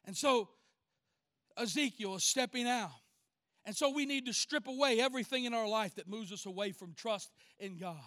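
Preacher, very high bright voice, call-and-response sermon in church. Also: male voice, moderate pace. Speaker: pastor.

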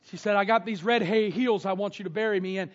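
A pastor telling stories in a sermon, dropping to a hush and then rising to a shout. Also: male voice, sits high, fast, muffled recording. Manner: storytelling, swings from hushed to shouting. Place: church sanctuary.

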